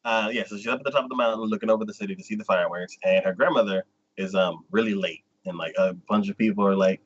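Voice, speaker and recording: A man's voice: fairly low pitch, quick pace, husky, muffled recording. A man co-hosting a casual chat, recapping a plot in a rambling way full of "like" and "um". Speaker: co-host.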